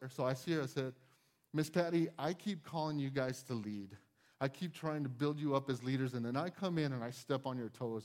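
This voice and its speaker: A man's voice: mid-range voice, fairly quick, a little mellow. A man preaching a conversational sermon as pastor, acting out small scenes and addressing his congregation directly. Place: church.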